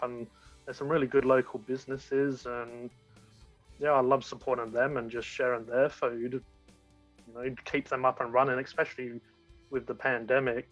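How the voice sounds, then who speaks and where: This guest in an easygoing chat has a mid-range, slightly bright male voice. He talks enthusiastically, rambling and starting his sentences over again and again, all captured in dull lo-fi sound.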